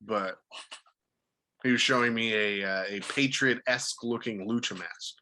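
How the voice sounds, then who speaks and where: Bright-voiced man joking on a podcast. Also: lowish voice, a little slow, slight background noise. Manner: joking, loose, laughs often. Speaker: podcast co-host. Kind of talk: casual banter.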